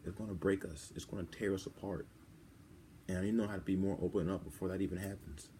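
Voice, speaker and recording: A teenage boy with a low, dark, steady-toned voice talks through a personal vlog, halting and rambling with lots of restarts. He sounds close to tears, and faint background noise lies under his voice.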